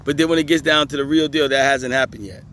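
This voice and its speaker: A man's voice: mid-range voice, fairly even intonation, fast, fairly bright tone, slight background noise. A man outdoors on a hot day, reading questions aloud and commenting on them, laughing often and talking back to the text. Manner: laughing, emphatic, talks back to the page. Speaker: religious commentator.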